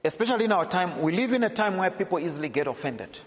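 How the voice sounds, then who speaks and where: A man's voice: high voice, very animated, fast. A man preaching a sermon, asking the congregation questions and repeating lines for emphasis. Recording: echoey hall with long reverb.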